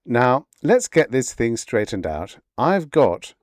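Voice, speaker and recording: Brief: man playing a hard-driving pilot, barking and sarcastic, storybook reading, lively pitch. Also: takes it slowly, no room sound. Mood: dry. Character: tense, impatient male rocket pilot.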